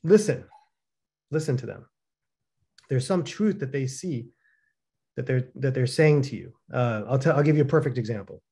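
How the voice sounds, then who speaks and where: A man's voice: mid-range voice, normal speed, vocal fry, pauses often. A man co-hosting a casual talk, telling stories with lots of fillers and acting out the people he quotes. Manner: animated storyteller, acts out quoted dialogue, many fillers.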